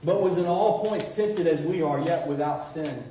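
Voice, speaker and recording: A man's voice: a little high, normal speed, mellow. A middle-aged male pastor preaching a sermon, calling out "church" again and again and often restarting his sentences. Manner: preaching with repeated "church" call-outs and restarts. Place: church sanctuary. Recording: very echoey, distant church recording with faint noise.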